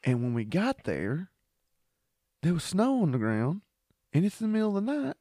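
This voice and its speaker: Laid-back podcasting man, lively pitch. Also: moderate pace, no room sound, studio quality. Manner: laid-back, swears and laughs often. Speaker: podcast co-host. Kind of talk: casual chat.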